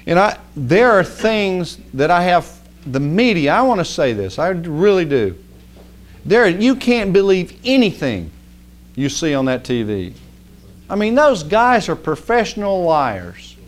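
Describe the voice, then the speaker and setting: A man's voice: high-pitched, sing-song, a little slow. A man preaching in a folksy, conversational way, rising to emphatic outbursts. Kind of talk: sermon.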